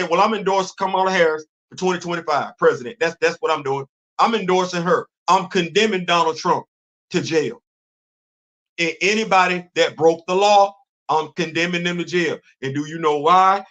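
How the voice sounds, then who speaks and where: A middle-aged man hosting a livestream, his voice sitting a little higher than most men's. He talks with fervent, preachy conviction in loose, colloquial speech. He keeps turning to answer viewers in the chat. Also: a little fast, a bit bright. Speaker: livestream host. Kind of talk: impassioned livestream commentary.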